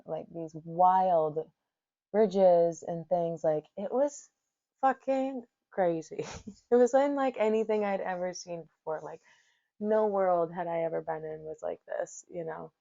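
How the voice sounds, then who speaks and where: A woman's voice: on the low side, gravelly. Chatty storytelling woman, lo-fi sound. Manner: animated, chatty, frequent "like" and laughter. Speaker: podcast host, yoga teacher. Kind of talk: casual storytelling.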